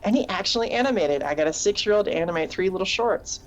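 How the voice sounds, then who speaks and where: A woman's voice: medium pitch, expressive, quick pace, highs cut off, noisy background. A woman co-hosting a casual live chat show, a teacher who rambles through stories and laughs often. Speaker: podcast co-host.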